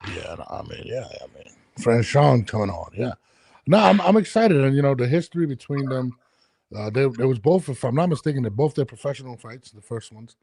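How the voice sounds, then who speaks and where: A man's voice: medium pitch, animated, a little fast, creaky, darkish tone, breathy edge, no room sound. Profane, ranting podcast host man. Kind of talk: casual podcast chat. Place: home studio. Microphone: studio headphones and mic.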